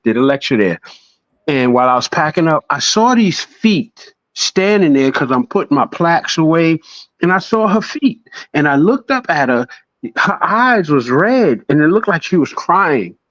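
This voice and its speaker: A man in a casual podcast chat, swearing freely and preaching with animated storytelling. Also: on the high side, moderate pace, no room sound, muffled recording.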